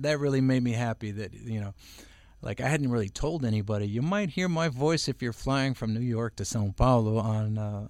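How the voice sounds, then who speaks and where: A man's voice: mid-range voice, a little mellow, no room sound. Middle-aged man, voice-over artist guest, rambling, full of fillers, dry close sound. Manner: rambling, many fillers and restarts. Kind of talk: casual interview chat. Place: home.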